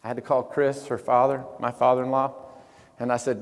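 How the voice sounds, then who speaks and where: A man giving a live motivational sermon in a large event hall. He talks emphatically, asks the audience questions, and often drops to hushed tones. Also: medium pitch, fairly even intonation, brisk. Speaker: motivational speaker. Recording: long hall reverb.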